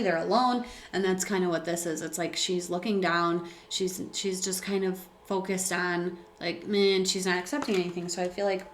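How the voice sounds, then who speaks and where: A woman's voice: on the low side, echoey room, slight background noise. A woman giving a casual tarot reading, talking in a rambling way with many fillers and restarts. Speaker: tarot reader.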